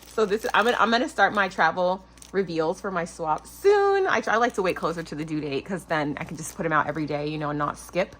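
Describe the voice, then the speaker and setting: Gushing bright-voiced woman unboxing crafts. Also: lowish voice, quick pace, few pauses. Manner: gushing, excitable, lots of "oh my gosh". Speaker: craft channel host. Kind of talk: casual unboxing chat.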